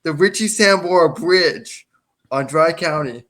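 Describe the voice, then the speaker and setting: Teasing high-voiced man. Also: moderate pace, fairly bright tone. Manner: teasing, joking. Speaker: podcast co-host. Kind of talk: casual chat.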